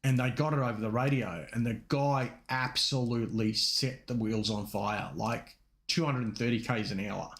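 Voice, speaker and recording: A man's voice: medium pitch, steady tone, moderate pace, fairly bright tone. An Australian man co-hosting a casual podcast, telling rambling anecdotes and acting out quoted voices. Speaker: podcast co-host. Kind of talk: casual chat, storytelling.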